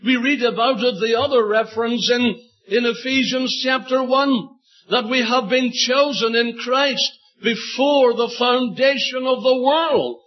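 A man with a high voice preaches slowly and fervently, stretching phrases and repeating scripture for weight. Now and then he rises into loud, emphatic bursts. The recording is dull and lo-fi. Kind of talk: sermon.

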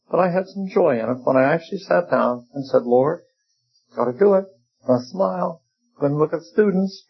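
Older preacher with a gravelly voice. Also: male voice, mid-range voice. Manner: folksy, wry, with humorous asides. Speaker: preacher and seminary teacher. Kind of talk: sermon. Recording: dull lo-fi recording.

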